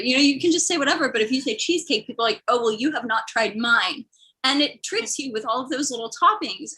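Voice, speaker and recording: Bright, rambling young woman comedian. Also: on the high side, low-quality recording. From American Midwest. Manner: rambling, self-deprecating. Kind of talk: stand-up comedy storytelling.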